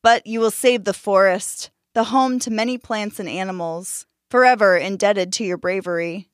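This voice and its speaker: A woman voicing a gentle male forest god king in a storybook, speaking in a solemn, pleading tone. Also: medium pitch, normal speed, no echo, clean studio sound, close to an everyday voice.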